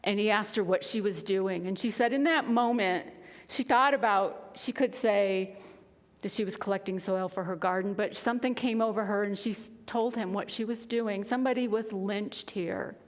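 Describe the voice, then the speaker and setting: A woman minister preaching a sermon, telling a story earnestly, often dropping to a hushed voice. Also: mid-range voice, steady tone, a little slow. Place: spiritual center sanctuary. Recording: long reverb of a church hall.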